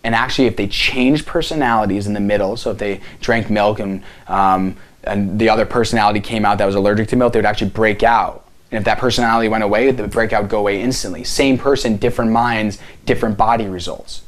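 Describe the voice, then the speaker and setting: A man's voice: lowish voice, fairly even intonation, fast talker. A man giving an earnest motivational talk to camera as a healing coach, speaking directly and asking many rhetorical questions.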